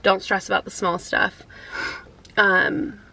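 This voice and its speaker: A vlogger in her thirties chats casually to camera from inside her car, emotional and close to tears, speaking haltingly with many fillers. Her medium-pitched voice is level in tone, with vocal fry and a sharp edge, and the recording is rough.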